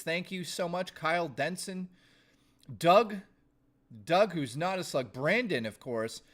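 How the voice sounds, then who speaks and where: A man's voice: on the high side, fairly bright tone. A man hosting a casual live stream, rambling and thanking viewers, his voice strained and fading. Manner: rambling, thanks chat by name. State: losing his voice.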